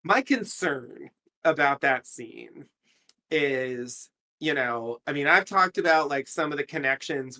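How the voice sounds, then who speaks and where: A man's voice: mid-range voice, bright, forceful tone. A man casually recapping a TV episode on a podcast, chatty and rambling, laughing often.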